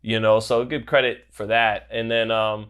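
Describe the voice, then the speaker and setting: A man co-hosting a podcast, breaking down fights in a measured, analytical way during casual chat. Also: on the low side, level tone, a bit bright, clean tone. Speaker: podcast co-host, boxing analyst.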